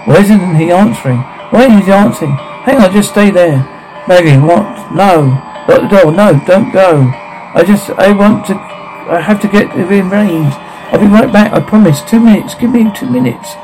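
A man plays a desperate father in a horror film, his pleas coming out frantic and urgent. His voice sits a little high, yet the tone is mellow and soft-edged. A faint, tense film score runs underneath. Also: normal speed, faint music behind, natural voice, low-quality recording. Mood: frantic pleading. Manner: frantic, pleading. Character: desperate father trying to protect his family.

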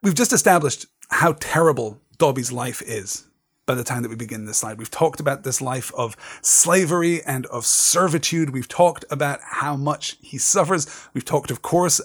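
A man's voice: mid-range voice, moderate pace, fairly bright tone, husky. A man leading a literature seminar, talking in a thoughtful, digressive way with restarts. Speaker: seminar leader.

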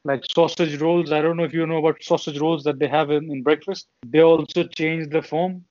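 A man's voice: a little high, fairly even intonation, a little fast, darkish tone, no room sound. Young man, podcast co-host, rambling casual chat, dry dull lo-fi sound. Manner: meandering, chatty explanations.

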